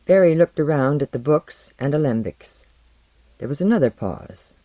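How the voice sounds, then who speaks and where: A storyteller reading a tale aloud in a measured, wry way, letting the voice rise and fall with lively expression. The recording is dry and close, with no room echo, and the pitch sits in the middle. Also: highs cut off.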